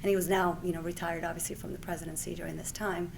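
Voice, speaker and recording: A woman's voice: on the low side, quick pace, creaky, background noise. A woman in her forties from Puerto Rico, a physician accepting an award, telling a personal story in a speech. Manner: lively storyteller who acts out the exchanges she retells. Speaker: award recipient giving a speech.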